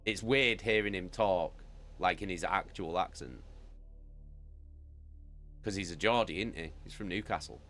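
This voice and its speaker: A man's voice: sits low, a little slow, long pauses, a bit bright, faint music behind. A British man chatting casually with viewers as a streamer, rambling and swearing freely. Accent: British English. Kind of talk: casual chat.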